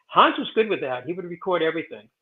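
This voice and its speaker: A man's voice: on the high side, big pitch swings, quick pace. Man in his sixties on a tinny line. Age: 60s. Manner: rambling, digressive, frequent fillers and restarts. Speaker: guest, president of a historic stone site. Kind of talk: casual interview storytelling. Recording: tinny phone-like remote line.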